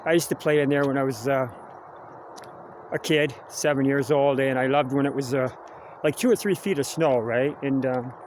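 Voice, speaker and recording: A man's voice: medium pitch, moderate pace, slight background noise. A man from Ontario with a Canadian accent, talking in a loose, wandering way while he walks outdoors and films himself for a live vlog. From Kingston, Ontario, Canada. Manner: chatty, wandering, tags "eh" onto sentences. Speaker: vlogger. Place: outdoors, walking near a quarry and cemetery.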